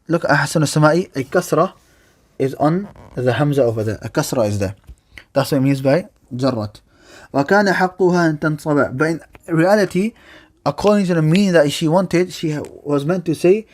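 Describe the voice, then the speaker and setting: Man teaching Arabic grammar, fairly high voice. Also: darkish tone. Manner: explains step by step, reciting Arabic verse quickly between English explanations. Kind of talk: classroom lecture.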